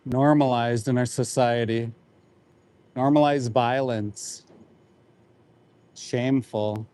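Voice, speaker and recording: Standing outdoors by a roadside, a Canadian man in his 40s streams live commentary as an animal rights activist. His medium-pitched voice is warm and steady, his pace slow, and his somber, indignant delivery leans on short repeated phrases.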